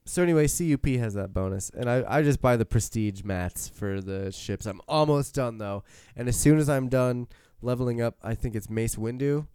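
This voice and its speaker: A man hosting a casual chat while playing a mobile game, rambling, swearing casually and quick to laugh. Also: mid-range voice, dark tone, clean tone, dry recording, studio quality. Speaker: host.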